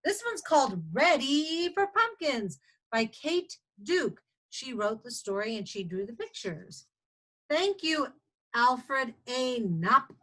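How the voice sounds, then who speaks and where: A woman reading a picture book aloud to children at story time, expressive and animated. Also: high-pitched, takes it slowly.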